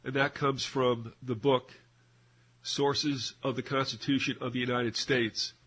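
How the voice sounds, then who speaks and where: A man's voice: medium pitch, level tone, unhurried, a bit bright, breathy edge. A man co-hosting a casual talk radio discussion, rambling with many fillers and restarts. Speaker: co-host.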